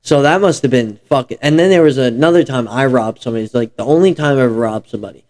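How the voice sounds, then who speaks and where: A man's voice: mid-range voice, fast talker, a little mellow. A young man in his twenties hosting a podcast, telling profane, rambling anecdotes in casual chat. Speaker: podcast host.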